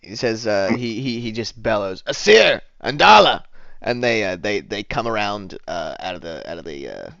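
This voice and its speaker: Man game master, rambling narration; low voice, lo-fi dry recording. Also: normal speed, hardly any pauses, fairly bright tone, smooth, no echo. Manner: rambling, lots of uh and um. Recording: dull lo-fi dry audio.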